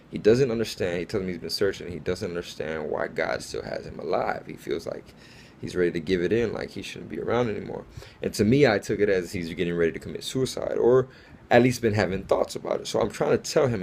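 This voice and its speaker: A man's voice: low-pitched, creaky, a little mellow, slight background noise. A man telling a personal faith story in an earnest, casual way, full of fillers like "like" and "bro". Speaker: faith testimony speaker.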